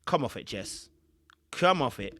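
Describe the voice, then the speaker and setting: A man's voice: mid-range voice, sing-song, a little slow, a bit bright. A man, a relationship coach giving emphatic, preachy reaction commentary.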